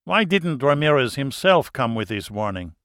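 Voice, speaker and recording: A man's voice: medium pitch, big pitch swings, normal speed, fairly bright tone, dry recording, clean studio sound. A man voicing a cold, contemptuous French crime boss with a French accent and a sneering, mocking manner.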